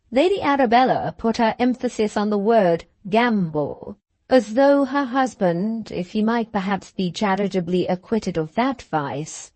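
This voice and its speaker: A woman narrating a classic novel as an audiobook, in measured, even storytelling. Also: medium pitch, no room sound.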